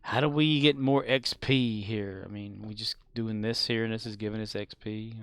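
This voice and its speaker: Smooth-voiced offhand male game streamer. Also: medium pitch, no room sound. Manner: rambling and offhand, with many fillers and restarts. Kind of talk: casual live-stream chat while gaming.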